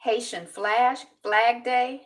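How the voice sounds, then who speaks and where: A woman's voice: a little high, steady tone, takes it slowly, distant mic. A woman vlogger chatting casually through news items, rambling and thinking aloud.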